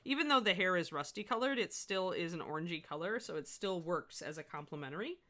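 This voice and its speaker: A middle-aged woman runs a live painting lesson, talking in a rambling, easygoing way. Her voice sits a little low but sounds bright and forceful. She laughs often as she answers her viewers. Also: expressive, quick pace. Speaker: miniature painting instructor. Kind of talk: live-streamed painting demo with chat.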